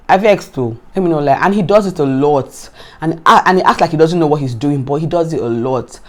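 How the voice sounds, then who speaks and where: A Nigerian woman vlogger recapping a reality show in casual, animated commentary, often exasperated and repeating herself. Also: deep voice, brisk.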